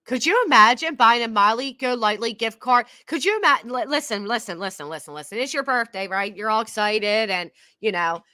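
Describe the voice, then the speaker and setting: A woman's voice: a little high, animated, brisk, few pauses, pushed and bright, dry recording, clean studio sound. A middle-aged woman hosting a reaction commentary, sarcastic and scornful, repeating herself for emphasis. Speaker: commentary channel host.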